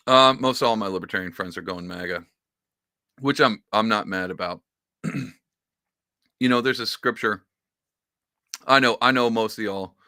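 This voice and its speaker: Excitable man with a bright voice. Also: unhurried, long pauses, no room sound, studio quality. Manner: excitable, sarcastic ranting with swings in pitch. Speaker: podcast host. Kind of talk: casual political commentary.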